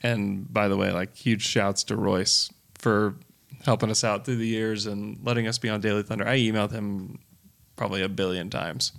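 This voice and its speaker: Man, podcast host, casual storytelling, gravelly voice. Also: fairly low pitch, fairly even intonation, normal speed, fairly bright tone. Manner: storytelling, laughs often. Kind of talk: casual chat.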